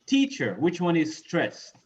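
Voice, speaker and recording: A man's voice: on the high side, normal speed, lo-fi sound, over a noisy crowd. A man teaching English pronunciation to a class over a video call, casual and repeating "you know" and "right?".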